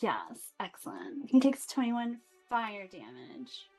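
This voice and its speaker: A woman playing in a tabletop game, excitable and casual, swearing now and then. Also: medium pitch, slow pace, soft background music. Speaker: player.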